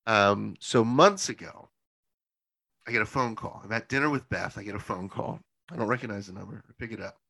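A man who works in church leadership, chatting casually and telling animated stories, swearing freely and laughing often. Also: lowish voice, brisk, vocal fry, husky, no echo. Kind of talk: casual chat, storytelling.

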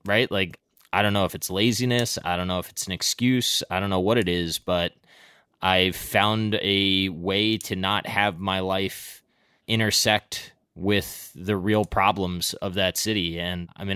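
Deep-voiced, thoughtful male podcast host. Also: fairly even intonation, moderate pace, pushed and bright, smooth, no echo, clean studio sound. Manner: thoughtful, hesitant, searching for words. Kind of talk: reflective conversational chat.

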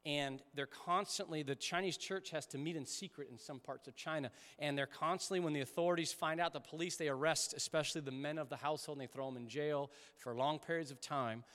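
A pastor delivering a conversational sermon, emphatic at times and dropping to soft prayerful tones. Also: male voice, a little high, fairly quick, hardly any pauses, in a large hall. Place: church sanctuary.

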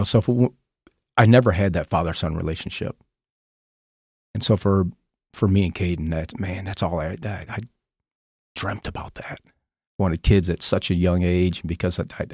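Deep gravelly man telling his story. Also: dark tone, dry recording, clean studio sound. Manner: halting, repeats words, emotional. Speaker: podcast guest. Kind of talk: candid personal storytelling.

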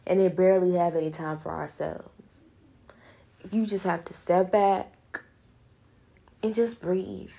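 A woman's voice: fairly low pitch, steady tone, slow pace, gravelly, pauses often, dark tone, breathy edge. A young woman hosting a podcast in casual, frank monologue, swearing freely and calling listeners girl and honey. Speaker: podcast host.

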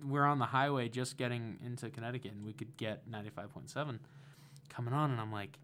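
A young man, a guest DJ in a radio studio, telling a story in casual chat, animated and rambling with lots of fillers. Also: mid-range voice, quick pace, slight background noise.

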